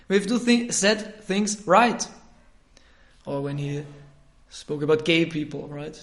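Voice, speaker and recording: A man giving an informal scripture lecture, talking conversationally, chuckling often, pausing to correct himself, and moving between quiet asides and emphatic bursts. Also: a little high, lively intonation. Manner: frequent hesitations and self-corrections.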